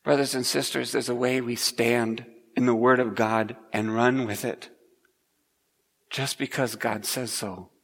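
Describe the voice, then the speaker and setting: A man's voice: medium pitch, fairly even intonation, measured pace. A man preaching a sermon as pastor, earnest and emphatic, in a church. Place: church sanctuary. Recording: long church reverb.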